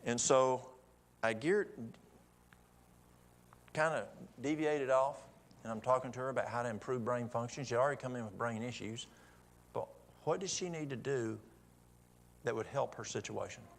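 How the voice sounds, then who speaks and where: Gravelly man telling a church testimony. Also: medium pitch, moderate pace, long pauses. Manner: folksy testimony storytelling with quoted dialogue. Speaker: church speaker. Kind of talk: sermon storytelling.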